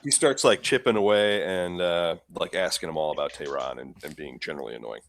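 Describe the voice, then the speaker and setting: A man's voice: low voice, fairly quick, creaky. A man playing in a tabletop game, joking and describing his character's actions casually. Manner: laughs often, loose and joking. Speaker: player.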